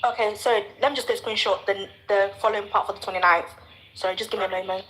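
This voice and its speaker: Fast-talking bright woman guest. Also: medium pitch, fairly even intonation, poor audio. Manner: apologetic, thinks aloud. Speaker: guest sharing screenshots. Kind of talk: casual live chat discussion.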